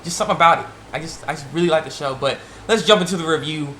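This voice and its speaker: A young man casually recapping an anime episode in a rambling, animated way, laughing and jumping higher when he quotes the characters. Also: rapid-fire. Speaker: anime reviewer. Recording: echoey room with faint background noise.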